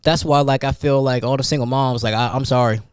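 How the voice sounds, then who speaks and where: A man in his thirties hosting a casual solo podcast, telling a story in a rambling, animated way with many restarts. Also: medium pitch, a little fast, clean tone, no echo, clean studio sound. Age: 30s. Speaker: podcast host.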